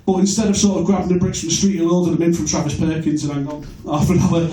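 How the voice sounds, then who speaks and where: A man from Birkenhead doing a stand-up set, crude and self-mocking with a deadpan delivery. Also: fairly high pitch, fast. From Birkenhead, England. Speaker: stand-up comedian. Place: comedy club stage. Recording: echoey club, recorded from far off.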